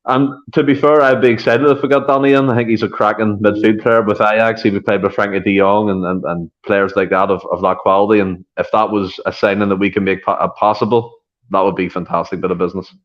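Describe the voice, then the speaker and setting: A man's voice: lowish voice, level tone, quick pace. A man co-hosting a football podcast, chatty and jokey, recorded on dull lo-fi audio. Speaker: podcast co-host. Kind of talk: casual football chat.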